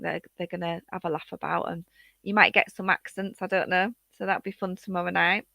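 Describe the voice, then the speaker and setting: Bright-voiced woman hosting a casual livestream. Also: mid-range voice, vocal fry, no room sound. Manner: chatty, warm sign-offs to viewers. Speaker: livestream host. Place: at home, late at night.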